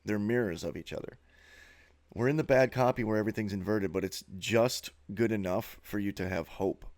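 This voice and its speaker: A man's voice: on the low side, moderate pace, a little mellow. A man giving a sneering, profane monologue while narrating a slideshow as a video host.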